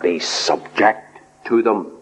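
A man preaching a sermon in an animated way. He swings his pitch up and down, acts out quoted voices and drops in humorous asides. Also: takes it slowly, husky. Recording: dull lo-fi recording in a reverberant hall.

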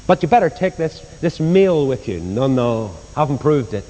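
A man's voice: sing-song, moderate pace, warm tone. An older man with a Northern Irish accent preaching a sermon, telling Bible stories and acting out the voices in them. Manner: storytelling, acts out quoted voices, rises in pitch for emphasis. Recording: long reverb of a hall.

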